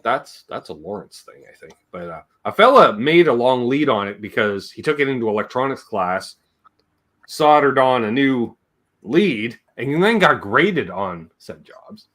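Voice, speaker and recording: A man telling casual stories as a livestream guest. His voice is bright and very animated, and the stories ramble along, full of jokes and quick imitations of his relatives. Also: mid-range voice.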